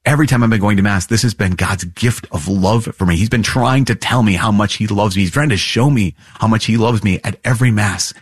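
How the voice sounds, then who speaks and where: Podcast host, male, deep and husky, earnest teacher who tells stories, dry studio sound. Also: brisk, hardly any pauses, dry recording. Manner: earnest, animated storytelling with chuckles.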